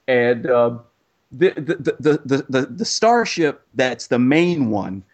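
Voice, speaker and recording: A man's voice: medium pitch, lively intonation, slow, a little mellow. A man ranting in a casual chat, acting out scenes in quoted voices.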